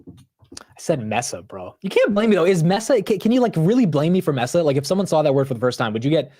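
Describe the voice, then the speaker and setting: A man hosting a live market stream, talking loudly and animatedly in casual commentary, often poking fun at himself. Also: fairly high pitch, fast. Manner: loud, animated, self-mocking. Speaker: livestream market show host.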